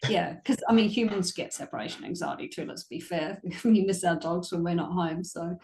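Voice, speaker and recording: A woman's voice: fairly low pitch, moderate pace, darkish tone, reverberant. A woman dog trainer talking casually about her clients, chatty with frequent fillers and laughter. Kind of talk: casual conversational chat.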